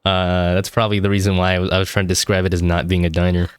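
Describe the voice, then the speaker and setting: A man's voice: deep voice, level tone, rapid-fire, slight background noise. A man running a casual tabletop game as game master, rambling and swearing loosely.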